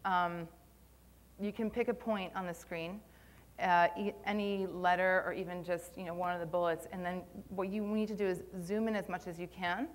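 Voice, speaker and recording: Her voice is low and even, her pace normal, as this young woman delivers a live conference talk on posture and Pilates in a conference room. She comes across as conversational, a little jittery, and full of filler ums.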